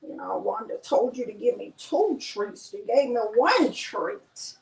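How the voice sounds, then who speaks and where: A woman's voice: a little high, big pitch swings, a little slow, vocal fry, darkish tone, echoey room, recorded from a distance, exaggerated voice. A woman voicing her pet dog as a sassy, demanding animal that wants more treats.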